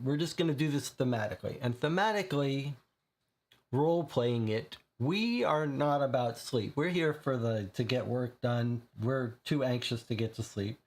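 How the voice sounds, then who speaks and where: A man reads a gamebook aloud for viewers at normal speed, his medium-pitched voice full of lively intonation, explaining his choices as he goes.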